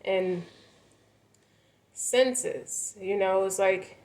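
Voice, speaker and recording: A woman's voice: mid-range voice, drawn-out words, a little mellow, low-quality recording. A woman gives a tarot reading in a loose, casual way. She rambles and stresses her words, doubling back to restart her sentences as she goes. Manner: rambling, emphatic, many fillers and restarts. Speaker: tarot reader.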